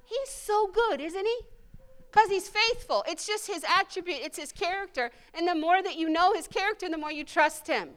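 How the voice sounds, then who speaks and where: A woman's voice: extremely high pitch, expressive, normal speed, fairly bright tone. A woman pastor preaching a sermon to a congregation, emphatic and call-and-response, leading into prayer. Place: church service.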